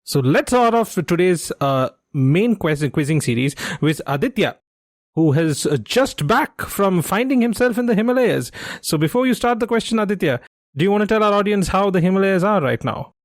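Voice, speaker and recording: A man co-hosting a trivia podcast, chatty and quick to laugh, who thinks out loud with many restarts. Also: high voice, expressive, no echo, clean studio sound. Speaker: quiz podcast co-host. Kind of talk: casual quiz podcast chat.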